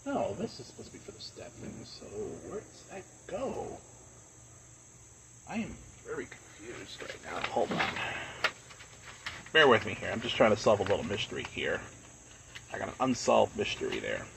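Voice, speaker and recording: A man's voice: fairly low pitch, sing-song, moderate pace, gravelly, long pauses, very noisy. A man chatting casually on a live stream, rambling and earnest, with plenty of fillers.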